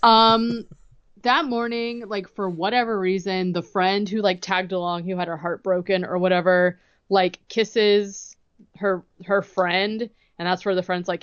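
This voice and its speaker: A woman's voice: mid-range voice, fairly even intonation, unhurried, clear, resonant tone, no room sound, highs cut off. Chatty woman recapping a movie on a podcast. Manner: chatty, heavy use of "like", quotes characters and her own reactions. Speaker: podcast co-host. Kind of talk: casual chat recapping a movie.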